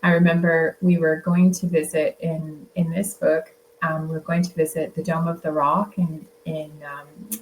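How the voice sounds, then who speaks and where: Brief: woman guest author, low voice, meandering chatty delivery, faint background hiss. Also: level tone, normal speed, hardly any pauses, rough recording. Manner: rambling, lots of fillers and restarts. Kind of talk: casual interview chat.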